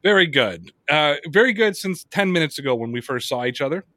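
A man hosting a sports podcast, telling stories in a casual, profane, animated way. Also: on the high side, brisk, dry recording. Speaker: podcast host.

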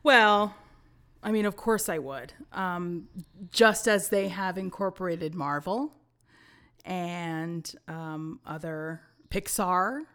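Excitable woman in her forties. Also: lowish voice, slow. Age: 40s. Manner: excitable storyteller, bursts of laughter. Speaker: podcast guest. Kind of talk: casual podcast chat.

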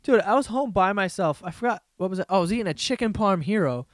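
A man's voice: high voice, animated, fast talker, no echo. Profane rambling young guy, dry close mic. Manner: profane, rambling storyteller with frequent laughs. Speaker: podcast host. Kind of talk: casual solo comedy podcast rant.

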